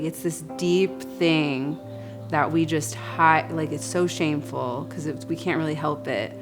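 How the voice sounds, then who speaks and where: A woman in a documentary interview, speaking slowly and reflectively with an occasional stutter. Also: sits low.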